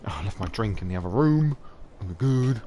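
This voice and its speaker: Guy with a lowish voice chatting away on his stream, swears a lot, laughs a lot, bit of faint hiss behind. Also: lively intonation, fast, dark tone. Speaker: live-stream host. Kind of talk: casual live-stream chat.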